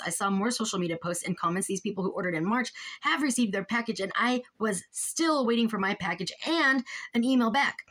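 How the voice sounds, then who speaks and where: A woman's voice: mid-range voice, fairly bright tone. A young woman in a casual vlog at home, reading out emails and complaints, frustrated and exasperated, trailing off and restarting. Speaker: vlogger.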